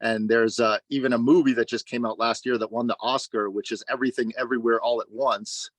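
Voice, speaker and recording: A man's voice: mid-range voice, fairly even intonation, a little fast, no echo. A man in a casual online group discussion, musing expansively about philosophy over a video call. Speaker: study group participant.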